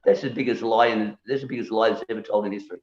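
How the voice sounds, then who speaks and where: A man's voice: on the low side, fairly even intonation, very fast. A male musician guest in casual conversation who repeats words and keeps asking "you know?" as he argues his point and challenges beliefs. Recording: echoey room, dull lo-fi sound.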